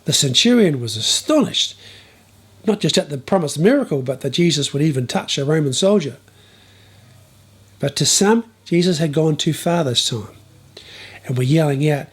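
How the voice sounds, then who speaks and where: A man's voice: fairly high pitch, lively intonation, moderate pace, long pauses, husky. A man telling a bible story in a humorous style, with wry, playful asides.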